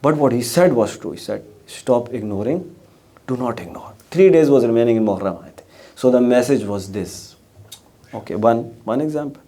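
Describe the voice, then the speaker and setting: A middle-aged man preaches in a gathering hall, his medium-pitched, dark voice animated and a little fast. His sermon is built on storytelling, rhetorical questions, and many restarts.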